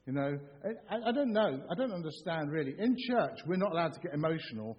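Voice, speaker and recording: A middle-aged man preaching a sermon in a church, animated and jokey, acting out excited shouts. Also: a little high, a little fast, a little hiss or hum. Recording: dull sound with long hall reverb.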